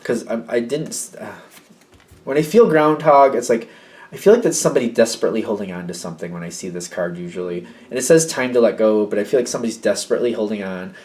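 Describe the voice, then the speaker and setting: A man's voice: on the low side, quick pace, a little mellow. A man giving a casual, intuitive tarot reading in a rambling, emotional way. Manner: rambling and emotional, often acting out the people in the reading. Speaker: tarot reader. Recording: slightly distant mic with faint noise.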